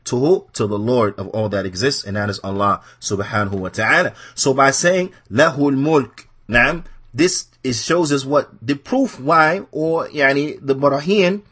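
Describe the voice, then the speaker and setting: A man with a husky, slightly breathy voice teaches a religious class in a mosque. He reads short passages in Arabic, then explains them in English. He repeats key phrases and keeps asking "what?" before answering himself. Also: medium pitch, a bit bright.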